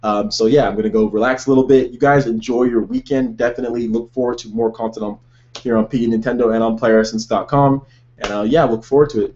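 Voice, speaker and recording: A man's voice: mid-range voice, a little mellow, lo-fi sound. A man hosting a gaming channel, talking casually and eagerly to viewers, rambling with fillers, a little out of breath. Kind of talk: casual vlog talk to viewers.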